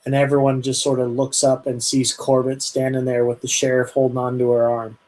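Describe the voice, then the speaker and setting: A man's voice: mid-range voice, completely flat delivery, a little fast, darkish tone, poor audio. A man with a Canadian accent running a tabletop game as game master, narrating loosely with lots of fillers and restarts. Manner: meandering, filler-heavy narration.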